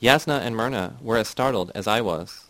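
A man reading a novel aloud as scripted narration, in a steady, measured way. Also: on the low side, no room sound, low-quality recording. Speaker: audiobook reader.

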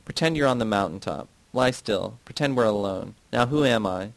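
A man reading the part of a tormented, unstable mother in an audiobook, speaking a little higher and louder than his narration. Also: normal speed, gravelly, no room sound. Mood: coaxing. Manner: intense, coaxing then shrieking.

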